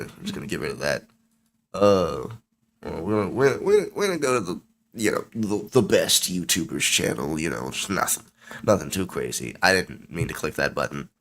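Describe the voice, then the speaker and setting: A young man streaming late at night, rambling and joking with himself in a tired, low voice that keeps getting sidetracked. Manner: rambling, self-mocking, easily sidetracked. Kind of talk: casual solo stream chat.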